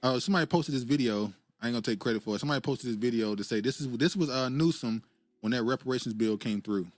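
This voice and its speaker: A man's voice: mid-range voice, quick pace. A man hosting a casual political commentary stream, laughing often as he reads viewer comments aloud. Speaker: host reading live chat.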